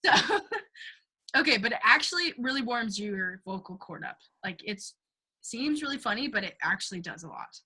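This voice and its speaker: A woman's voice: a little high, expressive, moderate pace, bright, forceful tone, breathy edge. Chatty, giggly young woman teaching singing. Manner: chatty and giggly, many ums and likes, bursts into sung demos. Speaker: singing workshop leader. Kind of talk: casual teaching to a class.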